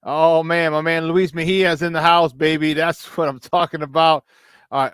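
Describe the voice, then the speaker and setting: A man hosting a casual sports talk show, hyped and shouting out viewers with frequent laughs. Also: fairly high pitch, little pitch movement, moderate pace, clean tone, dry recording.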